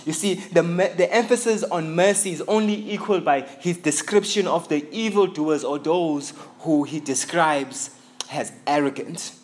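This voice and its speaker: At a church in England, a South African man preaches as a visiting pastor in a slightly high voice at a moderate pace. He's earnest and emphatic, repeating key phrases to drive them home.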